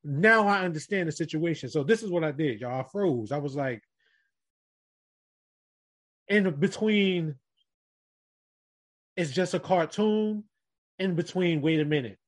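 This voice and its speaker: A man's voice: on the high side, lively intonation, moderate pace, pauses often. A man leading a casual group podcast chat, telling an earnest personal story and speaking directly to the others around him.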